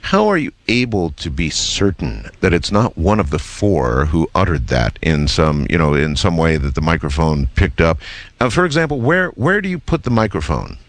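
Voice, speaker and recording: A very deep-voiced man hosts a radio interview, pressing his guests with skeptical, probing questions. His pitch rises and falls widely as he speaks. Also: sing-song, moderate pace, dry recording. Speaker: radio host.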